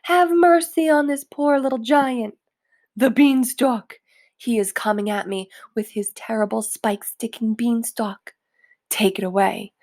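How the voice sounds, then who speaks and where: A woman voicing a huge male giant thrashing in a nightmare, wailing and begging in a high shrieking voice. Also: steady tone, measured pace, darkish tone. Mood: terrified.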